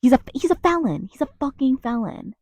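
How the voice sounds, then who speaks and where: A woman's voice: high voice, big pitch swings, fairly quick, darkish tone, no echo. Young woman venting, rambly and sweary, super dry closet sound. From United States. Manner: angry, swearing, rambling with many restarts. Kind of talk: ranting vlog monologue.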